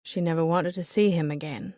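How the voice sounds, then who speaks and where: A woman's voice: low voice, fairly even intonation, a little fast, dark tone, no room sound, clean studio sound, close to an everyday voice. A woman voicing a blunt, chain-smoking shop owner. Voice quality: raspy smoker's voice. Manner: blunt, offhand.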